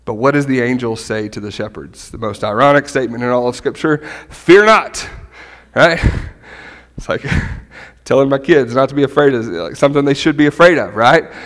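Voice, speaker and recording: A middle-aged man giving a conversational sermon as a pastor, animated and often checking in with "right?". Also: medium pitch, brisk. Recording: long hall reverb.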